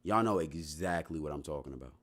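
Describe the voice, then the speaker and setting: A man's voice: extremely low pitch, expressive, a little fast, fairly bright tone. A young man chatting casually on a livestream, answering his chat in a loose, slangy, rambling way full of restarts.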